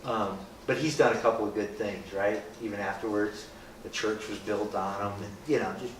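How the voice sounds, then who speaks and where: Man, casual Bible talk to a group, rhetorical questions, joking asides, distant mic, echoey room, faint hiss. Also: on the low side. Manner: conversational, asks rhetorical questions, often adds "right?"; jokey, acts out people's reactions. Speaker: speaker leading a group.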